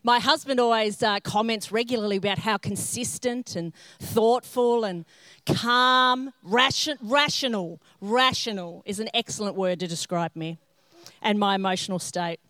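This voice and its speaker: Speaking unhurriedly at medium pitch, a middle-aged female pastor delivers a sermon built on self-mocking humor, animatedly playing out scenes in character. The recording has no echo.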